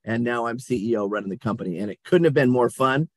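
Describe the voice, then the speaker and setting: A middle-aged man, a company CEO, telling stories in a casual interview, animated, often laughing and acting out what people said. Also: mid-range voice, quick pace, no echo.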